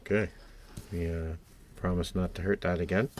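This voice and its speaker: A man's voice: deep voice, fairly even intonation, normal speed, noisy background. A man building and painting a scale model kit, talking to himself in chatty, muttered asides as he works. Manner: chatty self-talk, muttered asides to his work.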